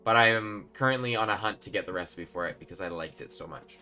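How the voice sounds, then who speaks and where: Man, gaming streamer, casual rambling chat, lowish pitch, bright forceful tone. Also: fast, faint music behind. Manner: chatty, rambling, talks to chat while playing. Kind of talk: casual live-stream gameplay commentary.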